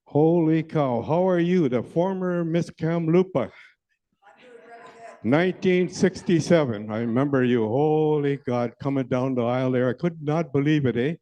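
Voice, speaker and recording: A man's voice: fairly high pitch, a little slow, mellow, lightly acted. A man playing Moccasin Joe, teasing joker. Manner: teasing, rambling, chatty, peppered with "eh". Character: flirty rambling joker man of middle age. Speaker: stand-up comedy character entertaining a crowd. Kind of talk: live crowd-work comedy. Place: large event hall. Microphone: handheld mic. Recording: dull, muffled live-event recording.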